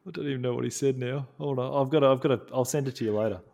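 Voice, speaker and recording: A man's voice: mid-range voice, racing, gravelly, a little mellow. A young man co-hosting a podcast in casual chat. He laughs often, swears freely and keeps restarting his sentences. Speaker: podcast co-host.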